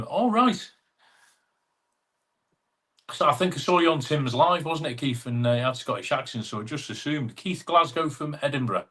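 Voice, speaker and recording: A man's voice: fairly high pitch, lively intonation, measured pace, pauses often, bright, forceful tone. A man with an English accent hosting a casual live stream, chatting in a matey way and reading out viewer comments.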